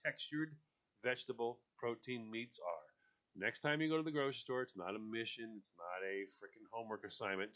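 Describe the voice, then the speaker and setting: Animated jokey male radio host. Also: mid-range voice, dull audio. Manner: animated, jokey, acts out quotes in funny voices. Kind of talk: casual radio chat.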